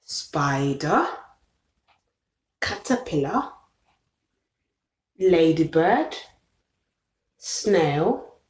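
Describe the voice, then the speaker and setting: A woman's voice: fairly low pitch, a little mellow. A woman reading a children's picture book aloud, patiently naming animals, asking questions and counting with the child. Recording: echoey room.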